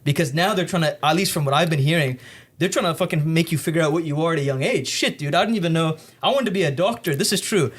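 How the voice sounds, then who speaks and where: A young man hosting a podcast, chatting casually and swearing freely as he tells animated stories. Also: fairly high pitch, fast talker, slightly rough. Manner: profane, storytelling, animated.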